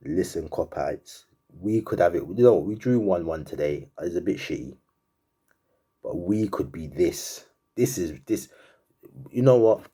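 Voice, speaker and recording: A man's voice: deep voice, lively intonation, unhurried, mellow, slightly rough. A man giving a fan's reaction to a football match, laughing and disbelieving, repeating himself in slangy chat. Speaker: football fan commentator. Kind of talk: animated fan reaction rant.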